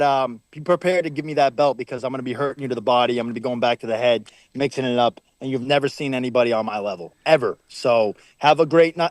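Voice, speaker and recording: A man's voice: mid-range voice, no room sound. A man with a Boston accent, a pro fighter guest on a podcast, talking brashly and confidently about his next opponent. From Boston area. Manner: brash, confident, fast talker. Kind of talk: casual interview, trash talk.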